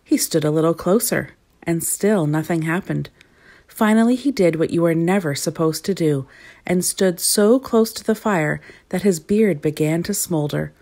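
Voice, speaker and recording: A woman's voice: lowish voice, moderate pace. Woman reading a children's story. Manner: expressive, storybook cadence.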